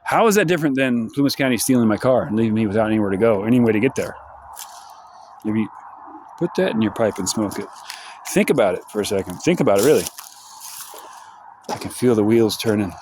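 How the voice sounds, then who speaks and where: A man's voice: on the low side, expressive, fast, pauses often, darkish tone, a little hiss or hum. A man delivering a rambling, profane, sardonic monologue for his vlog, outdoors in the sunshine. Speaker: vlogger.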